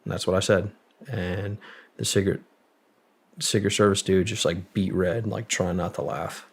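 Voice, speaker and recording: Gravelly low-voiced young man telling a story. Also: steady tone, moderate pace. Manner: profane, loose delivery full of "like" fillers. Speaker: podcast guest, Marine veteran. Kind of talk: casual storytelling.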